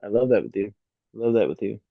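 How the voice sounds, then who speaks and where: A man's voice: lowish voice, fast, creaky, no room sound, narrow, tinny audio. A man in his forties co-hosting a podcast in casual chat, effusive, emphatic and freely profane. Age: 40s. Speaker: podcast co-host.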